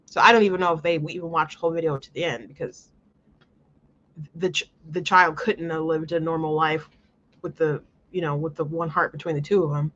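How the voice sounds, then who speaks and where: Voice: medium pitch, steady tone, fairly quick, fairly bright tone. Earnest rambling host, dull lo-fi sound. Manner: rambling, many restarts, earnest and emotional. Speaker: commentary show host. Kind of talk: casual commentary monologue.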